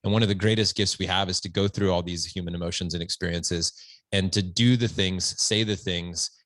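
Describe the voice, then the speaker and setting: A man's voice: low-pitched, fairly even intonation, fairly quick, a bit bright, no room sound. A man talking as a podcast guest, earnest and reflective, often restarting his phrases. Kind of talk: conversational interview. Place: at home, standing.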